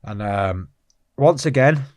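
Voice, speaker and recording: A man's voice: mid-range voice, lively intonation, slow, dry recording. A man speaking as an interview guest, telling his life story in an earnest, frank and rambling way.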